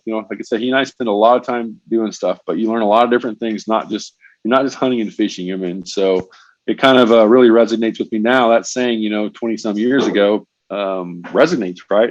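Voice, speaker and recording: Fast-talking man on a dull lo-fi line. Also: mid-range voice, no room sound. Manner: animated storyteller, frequent "bro" and "man". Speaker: guest, fishing industry professional. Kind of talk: casual podcast interview. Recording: dull lo-fi, dry sound.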